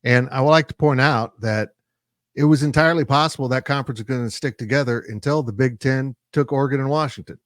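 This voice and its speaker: A male sports analyst discussing college football in a measured, analytical way, with frequent "uh" fillers. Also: medium pitch, dry recording, studio quality. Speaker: sports site publisher and analyst.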